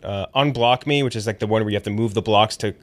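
A man's voice: lowish voice, fast. A man hosting a podcast in a loose, casual chat, full of "like" and the odd swear word. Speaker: podcast host.

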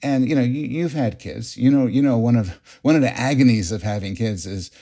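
A middle-aged man, a psychologist guest on a podcast, explaining ideas and telling stories in an animated way. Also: medium pitch, fairly quick. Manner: explanatory, animated storytelling with restarts. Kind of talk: interview.

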